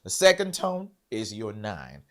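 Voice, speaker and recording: A man's voice: on the low side, huge pitch swings, measured pace. A man teaching a live-streamed piano lesson, repeating points and quizzing his viewers.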